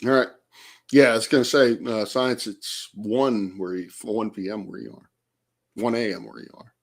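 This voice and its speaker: Man, lowish pitch, animated, rambling late-night livestream, hesitant, many fillers. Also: normal speed, creaky. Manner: chats to viewers by name. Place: at home at night.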